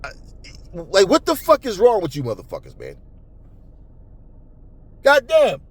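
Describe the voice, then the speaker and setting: A man, his voice sitting fairly high for a man, goes off in a heated, profane rant. He stammers and repeats words as he gets worked up, talking off the cuff to his audience. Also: brisk, breathy edge. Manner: calmer and lower later on. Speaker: boxing commentary channel host. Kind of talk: angry unscripted rant to camera.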